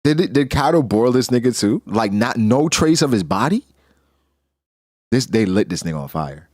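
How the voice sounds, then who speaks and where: A man's voice: mid-range voice, very animated, normal speed, darkish tone, no room sound, clean studio sound. A man hosting a casual manga reaction, talking animatedly in heavy street slang and laughing often.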